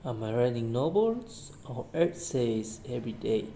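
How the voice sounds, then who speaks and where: Guy practicing english out loud, slow and careful, kinda dark voice. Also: medium pitch, very animated, gravelly, slight background noise. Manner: slow and halting, restarts phrases. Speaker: English learner. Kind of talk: answering practice questions and reading aloud.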